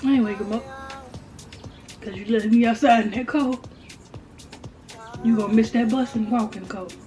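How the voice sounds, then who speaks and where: A young woman with a slightly high voice tells a storytime over a meal in loose, slangy chat. She hammers lines home by saying them twice, animated throughout. Faint music sits under her. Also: moderate pace. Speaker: vlogger. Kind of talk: casual storytime while eating.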